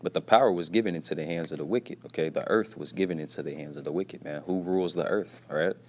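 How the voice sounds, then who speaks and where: Deep-voiced man giving a scripture lesson. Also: fast talker. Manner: repetitive, peppers talk with "man" and "you see"; speaks quietly at times, mindful of being at work. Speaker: scripture teacher. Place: at his workplace.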